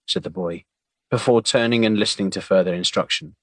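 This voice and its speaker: Male audiobook narrator, low, wry, dry studio sound. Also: dry recording. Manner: measured, wry storytelling.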